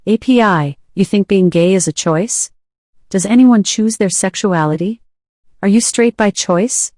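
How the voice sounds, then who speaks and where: A woman's voice: medium pitch, a little slow, a little mellow, no echo, clean studio sound, close to an everyday voice. A woman voicing an irritated eighteen-year-old brother who answers curtly, in her own voice. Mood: annoyed. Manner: curt, annoyed.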